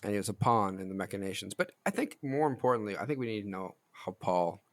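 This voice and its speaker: A man's voice: on the low side, animated, fast talker. A man hosting a casual podcast, posing absurd questions with a straight face. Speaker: podcast host.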